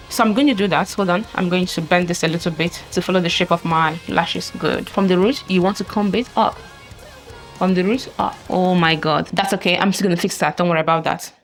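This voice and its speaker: A woman with a lowish voice walks through a makeup tutorial in a relaxed, chatty way. She talks while she works and keeps apologizing as she goes. Faint music plays under her voice. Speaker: beauty vlogger. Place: home, filming herself at a mirror.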